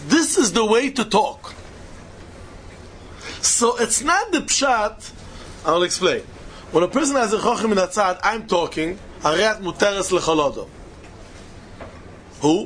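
A man's voice: high-pitched, a bit bright, a little hiss or hum. A man giving a Talmud lecture, emphatic and repetitive, chuckling as he explains. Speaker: Talmud teacher.

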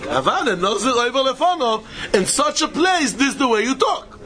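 A man's voice: very high voice, big pitch swings, fairly quick, a crowd in the background. A man giving a Talmud lecture, emphatic and repetitive, chuckling as he explains. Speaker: Talmud teacher.

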